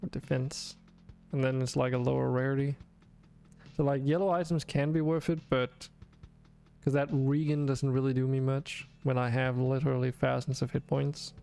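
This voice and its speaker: A man's voice: medium pitch, flat delivery, moderate pace, creaky, warm tone, soft background music. A man casually talking through his gameplay on a stream, rambling, drowsy and self-correcting as he goes. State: yawning, sleepy.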